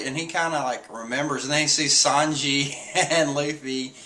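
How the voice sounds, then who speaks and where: A man's voice: fairly high pitch, steady tone, normal speed, hardly any pauses, pushed and bright, slight background noise. A man casually recapping a comic chapter in a chatty way, laughing now and then. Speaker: comic reviewer.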